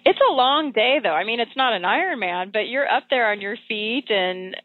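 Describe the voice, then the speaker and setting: A woman's voice: on the high side, expressive, moderate pace, no echo. Woman interviewer on a tinny phone line.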